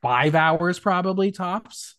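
A man's voice: sits high, takes it slowly. A man hosting a podcast, recapping a reality show in a gossipy, campy way. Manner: animated, gossipy, campy asides. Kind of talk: casual chat.

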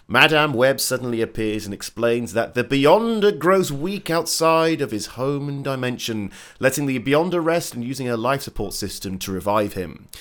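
A man co-hosting a casual chat, reading out an episode recap and making quick asides. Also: mid-range voice, fairly bright tone. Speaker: podcast co-host.

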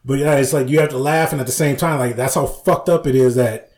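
A man's voice: medium pitch, steady tone, a little fast, darkish tone. A man co-hosting a casual podcast, who retells comedy sketches with acted-out lines, laughs often and swears freely. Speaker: podcast co-host. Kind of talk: casual chat.

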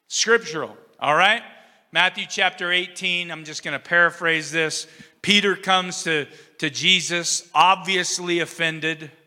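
A man delivers a sermon with a high, ringing, very bright voice. He tells the story conversationally, checking in with his listeners and acting out each character's lines. The sound carries a long hall reverb. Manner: conversational, asks the audience "you know what I'm saying". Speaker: preacher.

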